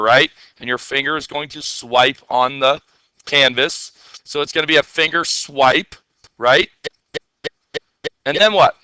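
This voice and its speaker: A man's voice: a little high, sharp tone, no echo. A man teaching a classroom coding lesson, asking his students questions and answering them himself.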